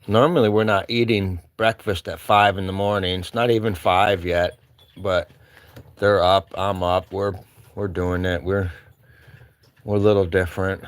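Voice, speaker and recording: Slow-talking wry American man, dry mic. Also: low-pitched, fairly even intonation, no room sound. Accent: Upper Midwest American. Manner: rambling and wry, talking to his dogs. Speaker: vlogger. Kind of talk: casual chat. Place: remote cabin.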